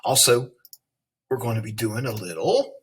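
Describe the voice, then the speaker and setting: Male teacher with a slightly raspy voice; patient and plain, walks a class through its spelling list. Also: mid-range voice, lively intonation, moderate pace. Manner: patient, talks students through word lists. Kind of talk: online reading lesson.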